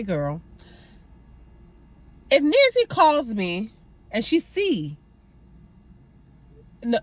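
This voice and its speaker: Sassy woman reviewing a TV episode. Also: on the high side. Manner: sassy, animated commentary with exasperated asides. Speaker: show recap host.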